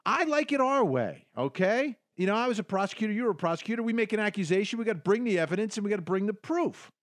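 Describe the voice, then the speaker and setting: A man's voice: high-pitched, lively intonation, fast, no room sound, studio quality. A man from the United States hosting a legal commentary show, emphatic and repeating phrases to drive his points home. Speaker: host.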